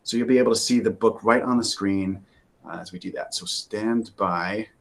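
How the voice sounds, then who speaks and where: A man's voice: lowish voice, moderate pace. A man from Maine, a children's author, reading his picture book aloud over a video call in a chatty way. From Maine, USA. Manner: animated, chatty with many fillers.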